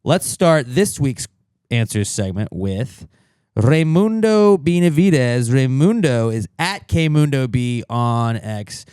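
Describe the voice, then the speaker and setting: A man's voice: medium pitch, expressive, takes it slowly, a little mellow, clean tone, no room sound. A young man co-hosting a casual podcast, joking around and reading out the show's plugs. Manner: joking, riffs on silly voices, reads show plugs. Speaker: podcast co-host. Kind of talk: casual chat.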